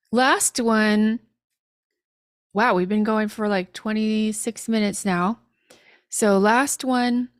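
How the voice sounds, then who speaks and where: A woman teaching an online language lesson, sounding out phrases slowly and carefully with light laughs between tries. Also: medium pitch, clean tone, no room sound, clean studio sound. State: frog in her throat.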